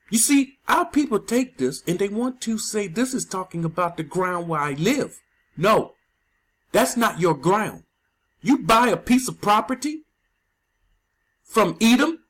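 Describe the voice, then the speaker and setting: High-voiced emphatic man preaching scripture. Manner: emphatic, drawn-out stresses on key words. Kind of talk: scripture teaching sermon.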